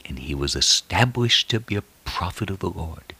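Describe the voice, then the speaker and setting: A man with a very low, husky voice preaches, retelling Bible stories with drama. His tone is bright and forceful even at that depth. He swings from hushed, near-whispered lines to emphatic ones, and the recording is close and completely dry. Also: moderate pace. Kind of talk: sermon.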